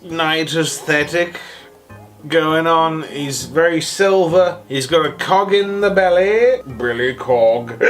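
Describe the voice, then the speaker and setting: A man rambles through a toy review after too many shots, tipsy and hiccuping. His fairly high voice drags along slowly, then leaps into sarcastic yelps before sinking to mumbles. Faint music plays underneath. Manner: excitable, sarcastic, swinging between yelps and mumbles.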